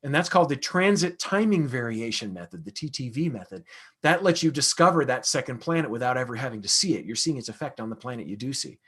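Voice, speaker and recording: A man's voice: mid-range voice, animated, quick pace, a bit bright, husky. A man, an astronomer, answering audience questions in a casual, conversational lecture with frequent fillers and restarts.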